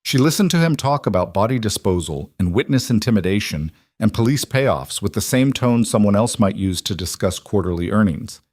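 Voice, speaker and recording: A man reading a mafia drama as scripted narration, measured and even. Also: lowish voice, no echo, clean studio sound.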